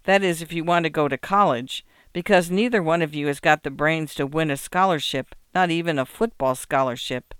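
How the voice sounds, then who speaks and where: A man voicing a prim, bossy, sharp-tongued little girl in a story reading, with a crisp, scolding manner. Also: a little high, normal speed, few pauses, no room sound, studio quality, lightly acted.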